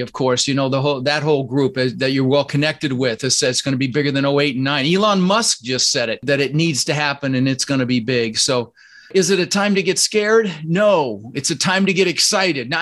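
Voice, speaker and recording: A man from the Netherlands, a podcast guest, talking in a casual interview with energetic, emphatic delivery. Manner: energetic, emphatic, jumps up in pitch when excited. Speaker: podcast guest, real estate investor.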